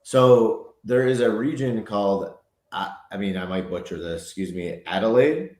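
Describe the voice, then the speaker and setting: Excitable man in his forties, roomy sound. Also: fairly low pitch, normal speed. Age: 40s. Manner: excitable, joking, rambling. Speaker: co-host. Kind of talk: casual group chat. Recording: roomy echo.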